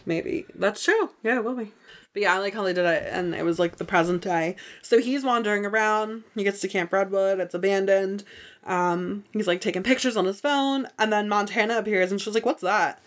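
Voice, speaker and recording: A woman talking through a TV episode on a podcast, chatty and easily excited. She peppers her talk with "like" and slips into quick impressions of the characters. Her voice sits at an ordinary middle pitch. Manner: chatty and excitable, heavy use of "like", acts out characters' lines. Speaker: podcast host. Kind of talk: casual TV episode recap.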